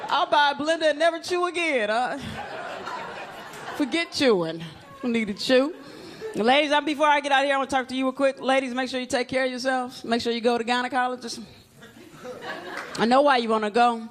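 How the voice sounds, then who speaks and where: Brash high-voiced woman doing stand-up. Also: fairly quick, pauses often. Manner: brash, playful, acts out little scenes. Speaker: stand-up comedian. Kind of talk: stand-up comedy set. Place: comedy club stage in front of a live audience. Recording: live club recording with crowd laughter and noise.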